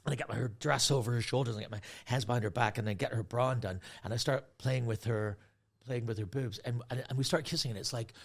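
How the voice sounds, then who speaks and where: A man in his forties, a guest comedian, telling a story in an animated way, swearing freely and acting out other people's voices. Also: medium pitch, quick pace, creaky. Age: 40s. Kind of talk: casual storytelling.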